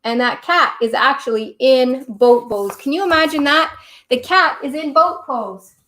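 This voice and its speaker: Bright, encouraging woman leading kids' yoga. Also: high-pitched, unhurried, roomy sound, distant mic. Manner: upbeat, encouraging, sing-song. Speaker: kids' yoga teacher and storyteller. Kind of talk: children's story time with yoga instruction.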